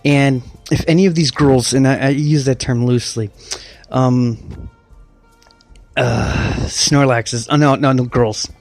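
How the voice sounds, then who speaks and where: A man's voice: medium pitch, fairly even intonation, slow pace, faint music behind. Rambling, mocking man ranting casually. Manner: rambling and mocking, with many restarts and swearing. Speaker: online commentator. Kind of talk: casual rant.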